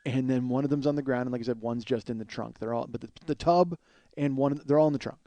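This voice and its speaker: A man's voice: mid-range voice, fast talker, warm tone. A man in his forties hosting a podcast, telling a rambling, profane story in a comic monologue full of exasperated asides. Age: 40s. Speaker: podcast host.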